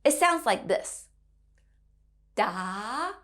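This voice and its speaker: A woman in her thirties teaching Mandarin to children, gentle and encouraging, modelling sounds in a sing-song way. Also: a little high, big pitch swings, a little slow. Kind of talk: children's language lesson.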